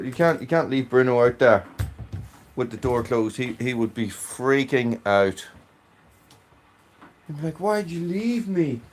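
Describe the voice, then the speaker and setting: Irish guy rambling on a livestream from his cabin, chatty, mid-pitched voice. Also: fairly bright tone, a little hiss or hum. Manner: chatty, greets viewers by name. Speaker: livestream host. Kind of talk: casual live-stream chat. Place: small wood-stove cabin indoors.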